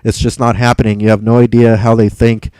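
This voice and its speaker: A man's voice: mid-range voice, flat delivery, brisk, darkish tone, clear, resonant tone, dry recording, low-quality recording. A young man hosting a casual livestream, reading viewer comments aloud in a rambling, exasperated way, swearing and laughing often. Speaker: livestream host reading chat.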